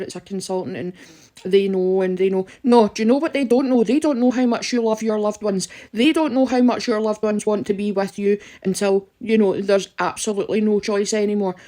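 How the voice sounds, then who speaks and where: A woman's voice: mid-range voice, mellow. A woman giving emphatic, direct advice to listeners in an impassioned talk. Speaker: campaigner.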